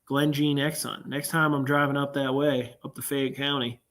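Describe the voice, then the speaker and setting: A man's voice: mid-range voice, little pitch movement, moderate pace, a bit bright. Young man anchor, easygoing, laughs along, friendly off-air chatter. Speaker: news anchor. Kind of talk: casual off-air banter.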